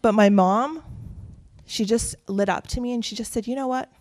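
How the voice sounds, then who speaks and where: A woman's voice: mid-range voice, normal speed. A woman, giving an earnest speech built on personal stories. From Canada. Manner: earnest, animated storytelling with quoted voices. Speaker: keynote speaker.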